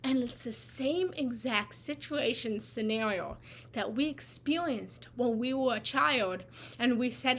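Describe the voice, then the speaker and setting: A woman's voice: a little high, measured pace, a bit bright, slight background noise. A woman giving a live spiritual talk as a meditation teacher. She speaks conversationally and keeps checking in with "right?". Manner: conversational, tags lines with "right?". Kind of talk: live guided talk on feelings.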